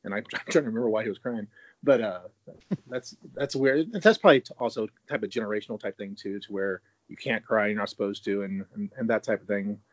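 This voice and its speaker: A man's voice: lowish voice, fast, no room sound. Chatty man with a dry, close sound. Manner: chatty, laughs easily, many restarts. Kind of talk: casual chat.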